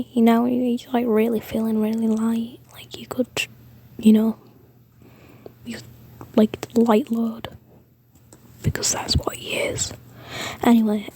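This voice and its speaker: A woman's voice: on the high side, warm tone, breathy edge. A woman whispering a rambling story, with frequent fillers and restarts.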